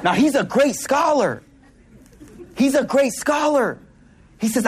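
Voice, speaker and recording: A man giving a sermon to a live audience, telling stories in an animated way, laughing as he goes, and using casual slang with lots of repeated words. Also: very high voice, slow, long pauses, husky. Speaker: Islamic speaker.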